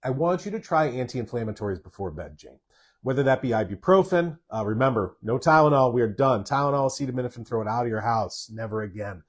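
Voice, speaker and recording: Husky-voiced man answering live questions. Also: medium pitch, lively intonation, quick pace. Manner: emphatic, repeats words for stress. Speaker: doctor hosting a live Q&A.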